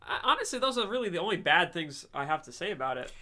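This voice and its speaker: A man's voice: high voice, sing-song, quick pace, bright, forceful tone. A young man co-hosting a podcast, chatting casually about an anime, laughing and swearing as he mimics characters. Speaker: podcast co-host. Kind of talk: casual anime review chat.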